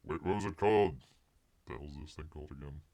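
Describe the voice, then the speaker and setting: A man's voice: extremely low pitch, fast, mellow. A man hosting a show, giving sarcastic, rambling news commentary full of fillers and asides. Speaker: host.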